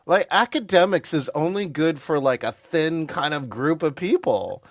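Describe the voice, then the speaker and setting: A man hosting a podcast interview, talking in a lively, conversational way with frequent tag questions. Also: a little high, normal speed, dry recording, studio quality. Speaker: podcast host.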